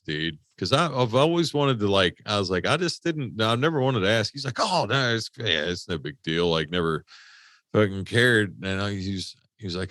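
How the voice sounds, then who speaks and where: A man's voice: fairly low pitch, lively intonation, moderate pace, a bit bright, dry recording. A man co-hosting a podcast, telling a rambling, profane story with lots of restarts. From West Virginia. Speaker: podcast co-host. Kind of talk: casual storytelling. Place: podcast studio.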